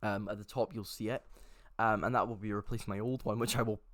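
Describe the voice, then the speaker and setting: A young man in his late teens from Scotland casually introduces his channel, his voice on the low side, steady, quick, and fairly bright. He talks in a chatty, hesitant way, filling his speech with frequent fillers.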